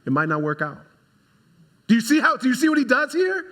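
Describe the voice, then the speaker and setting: A man, a pastor, preaching a sermon in an animated way and talking straight to his congregation. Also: very high voice, fairly quick.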